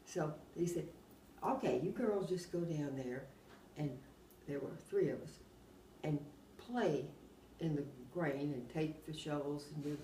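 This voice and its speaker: An older woman, telling rambling anecdotes in a casual, animated way and often laughing as she talks. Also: sits low, a little slow. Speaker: oral history interviewee. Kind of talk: casual storytelling. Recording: roomy, distant mic, faint background hum.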